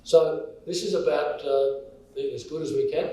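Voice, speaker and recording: A man's voice: on the high side, fairly even intonation, moderate pace, over music. An Australian man giving a joking, story-filled speech at a college event. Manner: jokey, storytelling. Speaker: college representative. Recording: echoey hall from far off.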